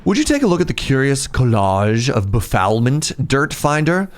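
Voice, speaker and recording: A man's voice: mid-range voice, very animated, moderate pace, gravelly. A man voicing a pompous, snobbish male mayor in a put-on posh accent, reading game dialogue aloud. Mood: haughty. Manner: haughty, dismissive.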